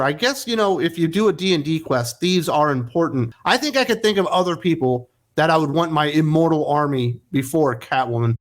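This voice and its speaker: A man reviewing comic books in a casual commentary, sarcastic and profane, ranting with mocking jumps in emphasis. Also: a little high.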